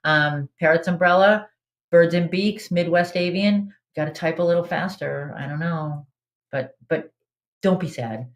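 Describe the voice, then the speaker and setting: A woman's voice: fairly low pitch, a little slow. A woman hosting a live online trivia game in a casual, chatty way, reading out answer options and laughing often. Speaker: trivia host.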